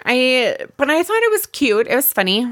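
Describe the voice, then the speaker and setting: A woman co-hosting a podcast, chatting casually and giggling as she recaps a dating show. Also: normal speed. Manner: chatty, giggly, animated swoops in pitch. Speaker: podcast co-host.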